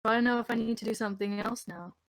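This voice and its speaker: A woman's voice: fairly high pitch, steady tone, fast. A woman playing in a tabletop game, speaking earnestly and a little unsure. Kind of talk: casual game chat.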